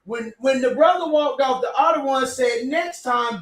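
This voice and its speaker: A man telling a story in casual chat, emphatic and preachy, sometimes rising to a shout. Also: very high voice, moderate pace, hardly any pauses. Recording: echoey room, far from mic.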